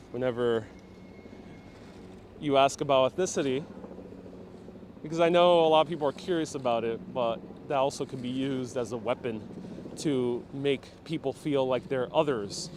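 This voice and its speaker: Background noise surrounds a walking-tour livestream host from New York City as he leads an outdoor tour. His voice is mid-range, and he chats with viewers, reading and replying to their comments.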